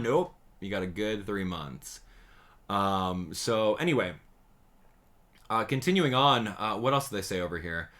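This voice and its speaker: A gaming YouTuber man giving slangy, excitable commentary on a game trailer, swinging between hype and sarcasm. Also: fairly low pitch, unhurried.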